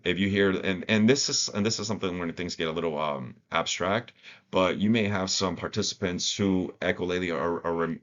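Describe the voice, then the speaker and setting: Man, very low voice, explaining behaviors to staff in a halting, filler-heavy way; dull lo-fi sound. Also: a bit bright. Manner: hesitant, many fillers and restarts. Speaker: staff trainer. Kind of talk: unscripted training talk. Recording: dull lo-fi recording.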